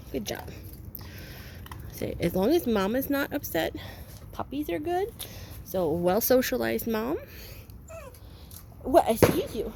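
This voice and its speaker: A woman dog breeder casually talking outdoors in a backyard, slipping into squeaky sing-song baby talk for her puppies. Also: big pitch swings, a little slow, vocal fry, long pauses. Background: faint outdoor noise with distant fireworks.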